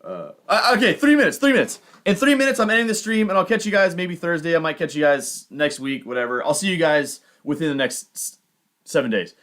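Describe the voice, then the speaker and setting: A man's voice: on the high side, expressive, fairly quick, fairly bright tone. A young man hosting a fantasy football livestream, rambling and thinking aloud in casual commentary. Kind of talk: casual live-stream commentary.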